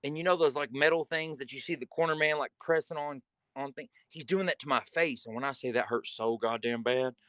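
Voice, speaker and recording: A man's voice: mid-range voice, a little fast, fairly bright tone, no echo. A man telling a guest story in casual, vivid, profane talk and acting scenes out.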